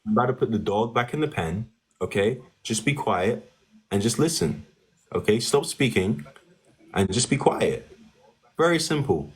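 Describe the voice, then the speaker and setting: A man hosting a live-stream debate speaks in a low, husky voice. He talks down to a caller, mocking him and repeating himself. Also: very animated, moderate pace, pauses often. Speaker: TikTok live debate host.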